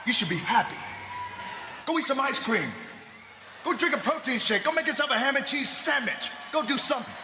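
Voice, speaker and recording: A man giving a cocky wrestling promo, high and lively, full of taunts. The clip sounds roomy and a bit noisy, like an old broadcast. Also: a little fast, pauses often. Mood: mocking. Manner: boastful, mocking, talks about himself in the third person. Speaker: wrestler in an archive backstage segment. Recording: archive TV clip, roomy with background noise.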